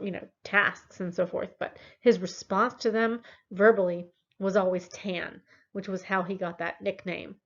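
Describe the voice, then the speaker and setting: A woman with a tired voice lectures at a steady, explanatory pace, often circling back with fillers and restarts. Her voice sits at an ordinary middle pitch. It comes through a dull, lo-fi laptop microphone. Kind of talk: recorded online lecture. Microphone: laptop mic.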